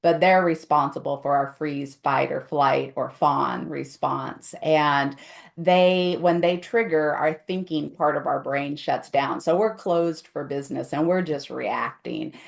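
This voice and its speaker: Middle-aged woman guest expert: low, gravelly voice, patient explainer who acts out quotes. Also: fairly even intonation, measured pace. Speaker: guest conflict resolution expert. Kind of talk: casual explanatory interview talk.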